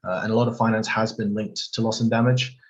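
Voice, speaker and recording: Brief: low, monotone man panelist on a video call, halting with fillers, dull lo-fi sound with faint hiss. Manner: hesitant, full of fillers and hedges. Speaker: panelist on climate finance. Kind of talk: live online discussion.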